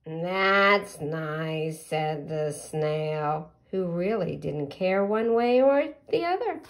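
A woman reading a picture book aloud to children, gently asking them questions about the pictures. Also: fairly low pitch, animated, slow.

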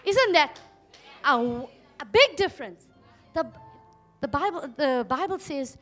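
A woman from South Africa preaching a sermon, swinging from loud exhortation to hushed asides. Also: high-pitched, very animated, a little slow, long pauses, faint music behind. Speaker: pastor.

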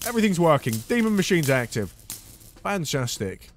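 A man commentating a horror game playthrough, swinging from quiet muttering to panicked shouts. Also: medium pitch, very animated, a little slow, long pauses. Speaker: gaming video host.

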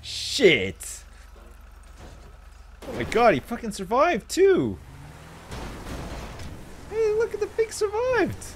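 Excitable swearing male game streamer. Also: very high voice, slow, pauses often, slight background noise. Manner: excitable, swears often, jokey. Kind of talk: live gameplay commentary.

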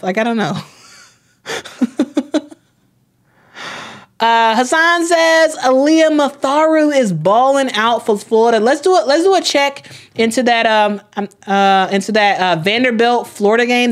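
A woman's voice: a little high, lively intonation, moderate pace. A young woman hosting a sports live stream, chatting casually, reading chat comments aloud, often repeating herself with plenty of fillers.

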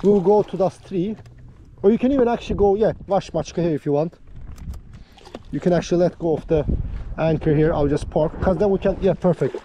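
A man's voice: high-pitched, brisk, dark tone, muffled recording. A man filming himself fishing from a small boat outdoors, talking to viewers in a hyped, playful, chatty way. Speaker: fishing vlogger. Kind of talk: excited on-the-water commentary. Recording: outdoor boat noise behind voice. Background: water and boat noise.

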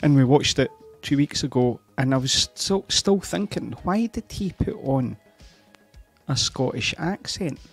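Gravelly husky male panelist. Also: medium pitch, animated, measured pace, faint music behind. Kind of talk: casual panel chat.

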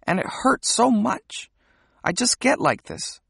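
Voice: mid-range voice, big pitch swings, slow, gravelly, slightly rough, no room sound, studio quality, full character voice. An audiobook narrator voicing a lonely thirteen-year-old girl who pleads in a pitiful way. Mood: pleading.

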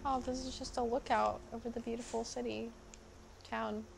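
A woman's voice: on the high side, flat delivery, moderate pace, vocal fry, slight background noise. A young woman giving bubbly, chatty commentary as she plays a video game for the first time. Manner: bubbly, chatty, exclaims often. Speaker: gamer playing a first playthrough. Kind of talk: casual gameplay commentary. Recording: game music playing behind.

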